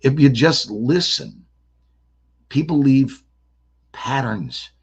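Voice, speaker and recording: A man from the American South, an actor guest telling stories in a playful, animated way. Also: medium pitch, takes it slowly, slightly rough, dull audio. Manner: playful, animated, slips into character voices. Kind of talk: casual interview storytelling.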